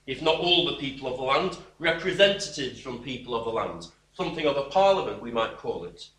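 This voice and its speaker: Preaching a sermon that explains scripture, a man with a medium-pitched, fairly bright voice talks a little fast with lively intonation. His delivery is emphatic and expressive, dotted with wry, dismissive asides, and he's heard from away from the mic in an echoey room.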